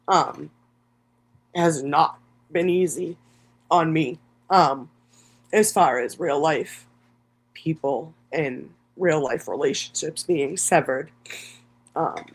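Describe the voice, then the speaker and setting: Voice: mid-range voice, slightly rough. A content creator talking through an emotional, rambling livestream monologue, swearing heavily and circling back on thoughts. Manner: many fillers and restarts.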